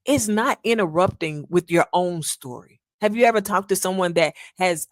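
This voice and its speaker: Low-voiced woman hosting a podcast. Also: dry recording, clean studio sound. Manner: warm preachy, repeats key lines slowly, folksy asides. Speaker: podcast host. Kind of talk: solo podcast talk.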